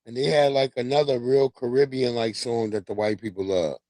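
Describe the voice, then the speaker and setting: A man's voice: medium pitch, fairly even intonation, fairly quick, mellow, no room sound. A man hosting a livestream, riffing casually with loose, profane storytelling and frequent laughs. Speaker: livestream host.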